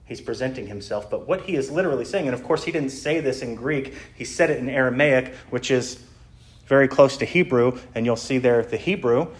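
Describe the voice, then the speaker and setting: A pastor teaching a sermon in a relaxed, conversational way, explaining as he goes with frequent "uh" fillers. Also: mid-range voice, a little fast.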